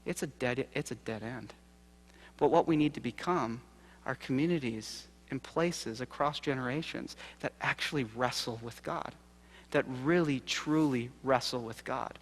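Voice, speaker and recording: A man giving a sermon-style keynote, telling a story with acted quotes and swinging from loud to hushed. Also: medium pitch, moderate pace. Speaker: keynote speaker. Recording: live lecture hall reverb.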